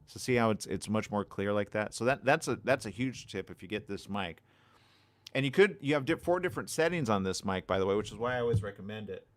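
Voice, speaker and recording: A man hosting a casual live stream on a desk mic, reading viewer comments and chatting excitably. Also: lowish voice, quick pace. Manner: animated, excitable, reads viewer comments aloud. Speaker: livestream host. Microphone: desk condenser mic.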